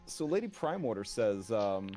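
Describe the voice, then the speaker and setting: A man's voice: lowish voice, big pitch swings, moderate pace, mellow, faint music behind. A man narrating a tabletop game as game master, in a meandering way with lots of fillers.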